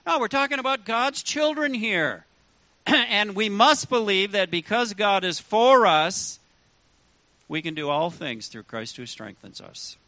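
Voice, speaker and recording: A man's voice: high-pitched, sharp tone, no echo. A man preaching a sermon as pastor, emphatic and full of rhetorical questions to the congregation.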